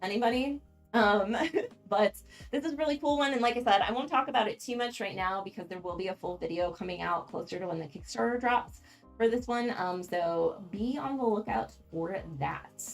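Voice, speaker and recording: Casual female streamer, mid pitch, gravelly fry, chatty and frank, faint music underneath. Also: normal speed. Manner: chatty, frank, frequent ums and laughs. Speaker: board game channel host. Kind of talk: casual livestream chat.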